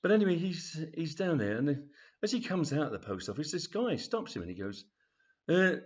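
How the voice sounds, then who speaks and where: A man reading his own comic story in a rambling, chatty manner, full of fillers and asides. His pitch moves around a lot. The recording is dull and lo-fi. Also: very animated, brisk, darkish tone, husky.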